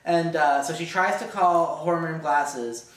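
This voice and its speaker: A man's voice: a little high, measured pace, a crowd in the background. A man co-hosting a casual TV recap with a dry, offhand delivery. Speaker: co-host recapping a TV episode. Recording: echoey room, mic at a distance.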